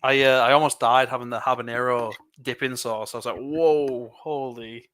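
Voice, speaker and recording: A man's voice: mid-range voice, level tone, bright, forceful tone, smooth. A man from England with an English accent, chatting and rambling casually while building LEGO on a livestream. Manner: chatty, rambling, quick laughs. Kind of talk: casual chat.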